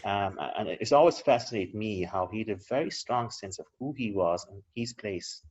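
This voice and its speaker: Low-voiced man telling history anecdotes. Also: animated, normal speed, a little mellow, slightly rough. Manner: discursive, anecdotal, chuckles between points. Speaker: local historian guest. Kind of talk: relaxed conversational interview. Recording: slightly dull lo-fi recording.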